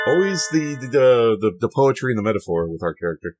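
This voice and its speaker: A man's voice: medium pitch, sing-song, quick pace, few pauses, over music. A man hosting a let's play, reading a visual novel with playful, wry asides.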